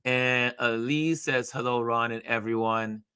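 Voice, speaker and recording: A man's voice: mid-range voice, steady tone, a little slow, bright, forceful tone, clean tone, dry recording, clean studio sound. A man hosting a live online show, chatting casually and reading out viewer comments, often repeating phrases for emphasis. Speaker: livestream show host.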